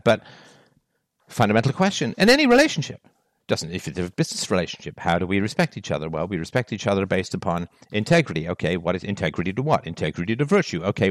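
A man delivering a solo monologue on virtue and relationships, firing off rhetorical questions with emphatic, animated delivery. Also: on the low side, dry recording, clean studio sound. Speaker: philosophy talk host.

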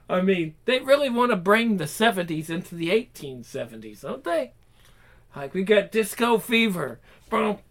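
A man's voice: high-pitched, fairly bright tone. A man reading a role-play story aloud, with jokey, chatty asides between the passages.

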